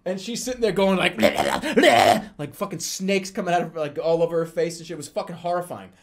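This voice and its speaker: A man's voice: high voice, fast, darkish tone. A young adult man, a streamer, telling a story in casual, profane speech with frequent laughter.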